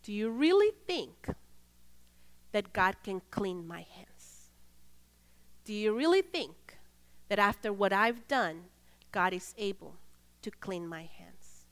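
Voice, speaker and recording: A woman voicing a remorseful male prison inmate who asks hushed, pleading questions. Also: a little high, expressive, normal speed, long reverb tail. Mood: tearful.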